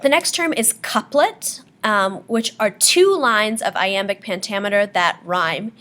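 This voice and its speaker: A woman's voice: medium pitch, animated, unhurried, fairly bright tone. A woman teacher giving a patient classroom lecture on poetry terms, explaining step by step with frequent ums.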